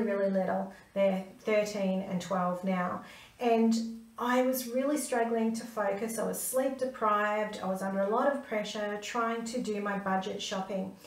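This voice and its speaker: A woman, a stress management coach telling a personal story to camera in an earnest, emphatic way. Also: medium pitch. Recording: roomy, mic at a distance.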